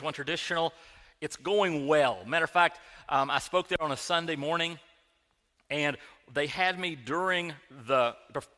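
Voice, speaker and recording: Bright-voiced preacher in a reverberant hall. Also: male voice, fairly high pitch. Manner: conversational storytelling with restarts. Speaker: pastor. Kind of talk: sermon. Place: church sanctuary.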